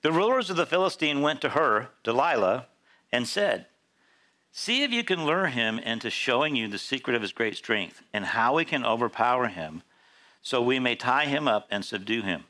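A male pastor is preaching a sermon in church, animatedly telling Bible stories and doing voices for the characters. His pitch is medium and he speaks at a normal speed.

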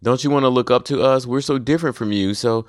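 A man's voice: mid-range voice, fast talker, no echo, studio quality, pitched above the performer's own voice, lightly acted. A man mimicking a smug, fawning Brit. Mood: mocking. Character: smug fawning British man begging admiration.

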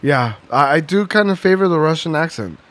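A man's voice: a little high, expressive, a little fast, fairly bright tone. A man co-hosting a podcast in casual chat, rambling and swearing, often laughing. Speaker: podcast co-host.

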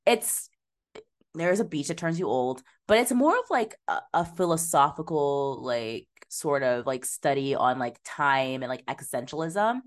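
Animated woman, incredulous podcast chat. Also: sits low, measured pace. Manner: incredulous, heavy use of "like", animated retelling. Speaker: podcast co-host. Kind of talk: casual movie-review chat.

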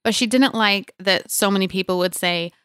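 A woman's voice: medium pitch, normal speed, a bit bright, smooth, no echo, clean studio sound. A young adult woman hosting a casual faith podcast, talking in an earnest, chatty way with many fillers. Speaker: podcast host.

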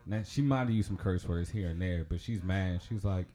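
Deep-voiced man, rambling chatty storyteller. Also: fairly quick, mellow. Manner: rambling, chatty, laughs often, lots of fillers. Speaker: podcast host. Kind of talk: casual storytelling.

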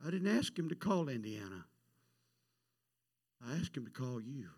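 A middle-aged man preaching a missions sermon, telling a story and swinging from quiet asides to loud emphatic peaks. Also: mid-range voice, sing-song, normal speed. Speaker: pastor.

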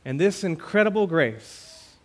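A man preaching a sermon as pastor, reading scripture aloud and repeating key words with emphatic swings between loud and quiet. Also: on the high side, very animated. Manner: slow, emphatic preaching with dramatic swings in loudness.

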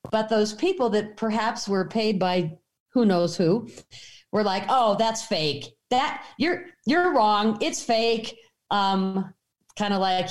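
A woman filmmaker telling a story in conversation, acting out the dialogue with animated pitch jumps. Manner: animated, acts out quoted dialogue. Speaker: documentary filmmaker.

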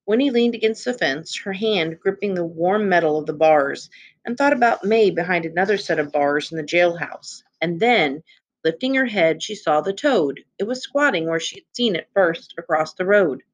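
Expressive woman reading a children's novel. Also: on the low side, moderate pace. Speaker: reader.

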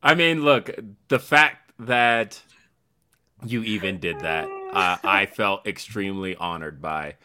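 A man's voice: low voice, slow, clean tone. A man co-hosting a podcast, telling stories casually and acting out what people said. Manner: animated storytelling, acting out quotes. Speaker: podcast co-host. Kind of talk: casual storytelling chat.

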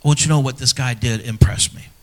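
A middle-aged man, a pastor, preaching a sermon in a church, earnest and personal, swinging from loud emphasis to hushed, near-whispered lines. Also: mid-range voice, quick pace. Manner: earnest and personal, speaking to fathers.

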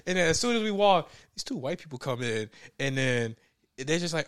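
A man co-hosting a casual chat, telling stories with loud laughing outbursts and mimicked voices. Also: a little high, lively intonation, normal speed. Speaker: podcast co-host.

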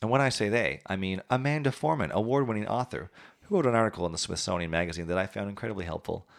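A man's voice: lowish voice, very fast, gravelly. A man hosting a casual history podcast, telling events with jokes and acting out historical figures in silly voices.

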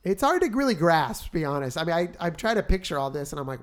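A man co-hosting a faith-based chat, retelling his experiences in an animated, storytelling way. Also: fairly high pitch, fast. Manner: animated storyteller, gets excited retelling events.

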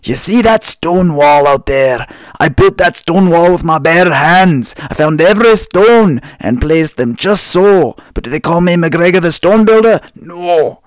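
A man voicing a bitter old Scottish man in a pub, ranting loudly and indignantly. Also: fairly high pitch, lively intonation, measured pace, no echo, pitched above the performer's own voice.

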